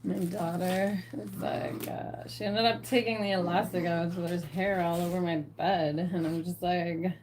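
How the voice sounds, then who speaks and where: A woman's voice: lowish voice, steady tone, unhurried, hardly any pauses, noisy background. A woman chatting casually on a live stream from home, rambling with lots of fillers and frequent laughs. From Canada.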